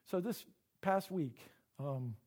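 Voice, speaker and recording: A middle-aged man preaching a sermon, earnest and emotional, often halting and repeating words. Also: fairly high pitch, expressive, a little mellow. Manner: earnest and personal. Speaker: pastor.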